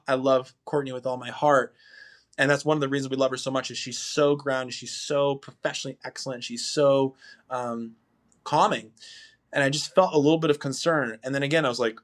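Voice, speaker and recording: A man on a podcast telling a long, animated story about a life experience in casual chat, rambling with many fillers. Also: medium pitch. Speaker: podcast guest, husband.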